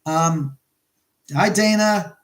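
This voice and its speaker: Middle-aged male livestream host, slightly high voice, rambling and chatty, streaming from home. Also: extremely slow, low-quality recording. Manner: rambling storyteller, reads chat aloud. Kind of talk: casual livestream chat. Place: his house, indoors.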